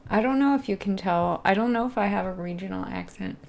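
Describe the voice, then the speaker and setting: A woman's voice: medium pitch, brisk, gravelly, darkish tone. A woman from the US East Coast, chatting casually and rambling as she answers her live viewers' questions. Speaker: live streamer.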